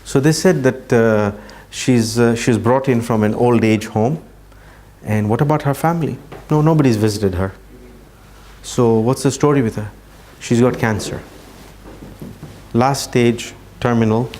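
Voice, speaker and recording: A man giving a religious talk, telling a story earnestly and slowing down for emphasis. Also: medium pitch, darkish tone, slight background noise. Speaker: Islamic speaker.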